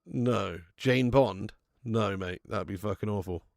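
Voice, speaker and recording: A man's voice: on the low side, measured pace, gravelly, a little mellow, no echo, studio quality. A young man hosting a football watch-along stream, chatting casually with viewers and swearing freely. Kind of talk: casual live-stream chat and match commentary.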